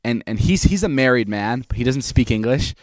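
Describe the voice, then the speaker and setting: A man's voice: medium pitch, animated, a little fast, darkish tone, dry recording. A young man co-hosting a podcast, telling a rambling story in casual chat, repeating words and swearing freely. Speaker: podcast co-host.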